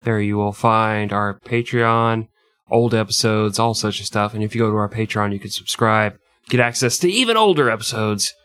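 A man's voice: on the low side, normal speed, a bit bright, smooth. A man in his thirties co-hosting a comedy history podcast, joking and laughing often. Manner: laughs often, plugs the show. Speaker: podcast co-host. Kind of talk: casual comedy chat.

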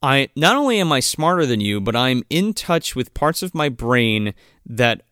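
A man's voice: medium pitch, very animated, moderate pace, a bit bright, clear, resonant tone, no echo, clean studio sound. A man co-hosting a casual podcast, recapping a movie in a rambling, profane way and laughing often. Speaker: podcast co-host. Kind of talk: casual chat recapping a film.

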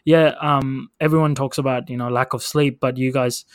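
A man with an Indian accent co-hosts a casual podcast chat, earnest and a little hesitant. His voice sits at a middle pitch and sounds dry and close to the mic. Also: fairly even intonation, normal speed, clear, resonant tone, dry recording. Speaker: podcast co-host.

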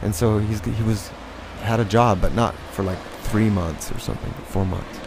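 Gravelly low-voiced man telling road stories. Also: steady tone, normal speed, noisy background. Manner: profane, rambling, with lots of fillers; acts out quotes in a raised, mocking voice. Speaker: storyteller. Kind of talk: casual personal storytelling.

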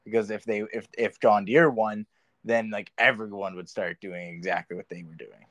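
A man's voice: on the low side, fairly even intonation, normal speed, fairly bright tone, no room sound. A man hosting a casual podcast who makes frustrated, agreeing remarks. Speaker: podcast host.

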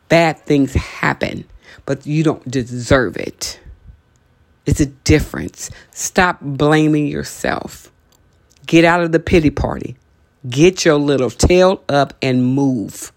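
Man giving emphatic motivational talk. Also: fairly high pitch. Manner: emphatic, repetitive exhortations; joking asides. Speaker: podcast host.

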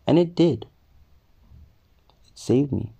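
With a slow, creaky, slightly rough mid-range voice, a young vlogger shares something that happened to him. He curses along the way and brings the story's characters to life by voicing them.

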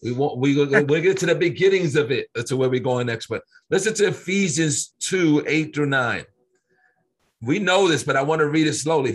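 A man in casual Bible-study conversation, reading scripture slowly and pressing his points with earnest repetition. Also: fairly high pitch, slightly rough. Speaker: co-host of a faith discussion.

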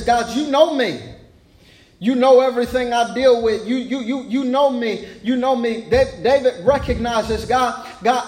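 A man's voice: extremely high pitch, roomy sound, low-quality recording. A man preaching a sermon as pastor, repeating words in a rising, stammering preaching cadence.

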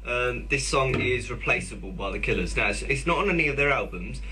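A man's voice: mid-range voice, animated, fairly quick, over loud music, rough recording. A young British man with a British accent, casually introducing his own video and rambling through self-corrections. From Britain. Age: young adult.

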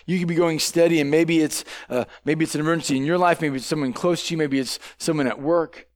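A man's voice: fairly high pitch, steady tone, fast. A man delivering a sermon in a conversational way, often tagging his points with "right?" and restarting his sentences. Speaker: pastor.

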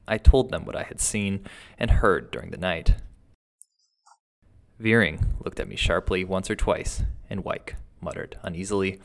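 A man reading a first-person ghost tale aloud in a steady, dramatic storytelling manner. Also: low voice, measured pace, gravelly. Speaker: narrator.

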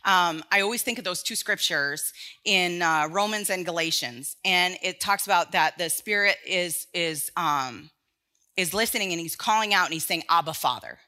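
A woman's voice: on the low side, normal speed, sharp tone. A woman preaching an earnest, conversational sermon to a congregation, often restarting her phrases. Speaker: speaker in a church sermon series.

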